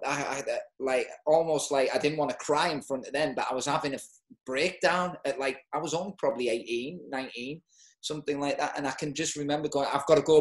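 A man in his forties with a Teesside accent, telling a personal story as an interview guest in a halting, emotional way with many restarts. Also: mid-range voice, roomy sound. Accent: Teesside English. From North East England. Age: 40s.

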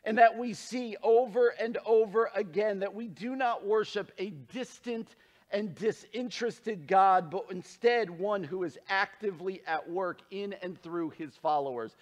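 Male pastor, sermon, high-pitched voice, earnest, emphatic, softens for scripture. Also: unhurried. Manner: earnest, emphatic preaching, dropping low and soft for scripture.

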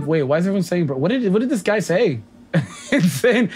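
A man's voice: high voice, very animated, fairly quick, a little mellow, soft background music. A man streaming a game and chatting with viewers, slangy and profane and laughing often. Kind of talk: casual livestream chat with viewers.

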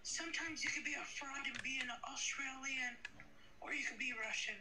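Woman friend, high voice, dry teasing jokes, clear noise behind her. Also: normal speed. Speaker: streamer's friend. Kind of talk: casual chat.

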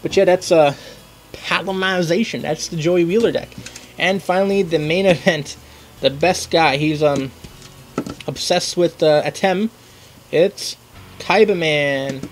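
A man's voice: fairly high pitch, a little slow, long pauses, a little hiss or hum. A young man casually chatting as he unboxes trading cards and reads the card text aloud, with lots of fillers.

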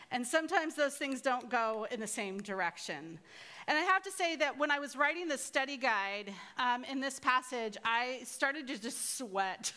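A woman teaching a women's Bible study into a microphone on a speaker system, telling stories in a lively, self-deprecating way with laughs. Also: high-pitched. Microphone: microphone through a speaker system.

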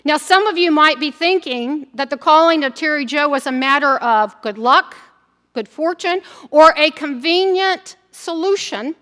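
A woman's voice: sits high, expressive, measured pace. A woman preaching at an ordination service, telling a light story and then speaking to the congregation. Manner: warm storytelling with a gentle joke. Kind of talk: ordination sermon. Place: church sanctuary. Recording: church sanctuary with long reverb.

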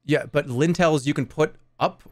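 A man's voice: on the high side, normal speed. A man hosting a livestream game contest, chatting casually and jokily with plenty of swearing and laughter. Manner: jokey, profane, laughs often.

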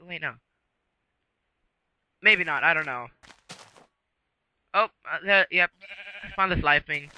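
Bright, lively man playing a game. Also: on the high side, low-quality recording. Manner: rambling, talks to game creatures, mild self-censored cursing. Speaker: gameplay video maker. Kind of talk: casual gameplay commentary.

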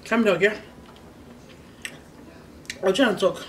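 Eating on camera for her channel, a vlogger from Nigeria tells a chatty story in Nigerian-accented English, stopping now and then to hum happily over her food. Her voice is mid-range, and the recording has a slightly distant mic and faint background noise.

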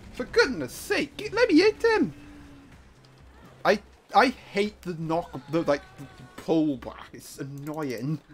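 A high-pitched man commentates his gameplay live. His voice leaps all over the place, from low muttering to sudden yelps. He jokes and trash-talks his opponents. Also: slight background noise. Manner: excitable, swings from muttering to shouting; trash-talking, joking. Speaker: gaming YouTuber.

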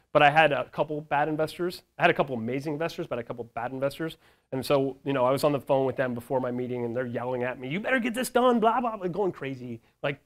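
A man with a fairly high voice tells a story in a casual conference talk. He is lively, acts out the people in his tale, and fills pauses with plenty of ums. He swears now and then. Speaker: founder speaking to startup founders.

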